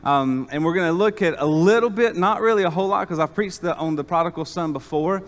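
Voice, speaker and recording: A pastor giving a sermon in a church, telling stories in a folksy way with lots of fillers. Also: male voice, on the high side, a little fast. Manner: folksy storytelling with many fillers. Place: church sanctuary. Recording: long reverb of a church hall.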